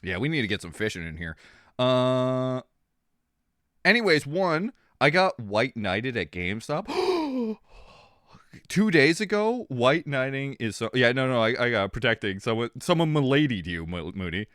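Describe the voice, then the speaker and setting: Animated, bright-voiced male streamer. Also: medium pitch, unhurried, no echo, clean studio sound. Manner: rambling, animated, laughs and coughs often. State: coughing. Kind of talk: casual stream chat.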